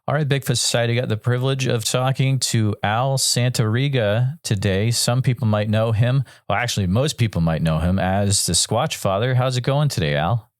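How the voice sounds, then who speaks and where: A man's voice: medium pitch, moderate pace, few pauses, no room sound, studio quality. A man from Western Massachusetts hosting an interview, friendly and enthusiastic, with lots of filler words. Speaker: podcast host. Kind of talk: casual interview.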